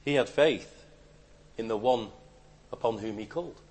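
A man preaching a sermon, swinging between loud emphatic declarations and quiet, hushed asides. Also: on the low side, a little slow, breathy edge.

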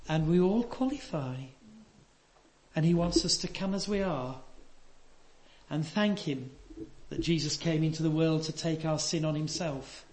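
An older man preaching a sermon, earnest and emphatic, dropping to soft asides. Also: fairly high pitch. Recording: echoey hall.

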